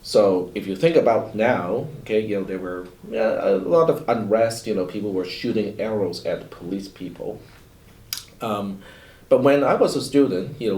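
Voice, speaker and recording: A rambling man in his fifties, from Hong Kong, speaking as a professor on a panel. His voice sits a little low and sounds distant in a roomy space. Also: a little mellow. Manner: rambling, many fillers and restarts. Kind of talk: panel discussion.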